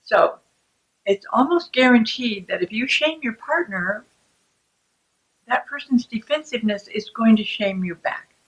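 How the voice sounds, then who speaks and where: Give me a calm woman explaining relationship habits in an even, deliberate way. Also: mid-range voice, rough recording. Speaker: self-help author on shame. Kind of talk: explanatory talk to camera.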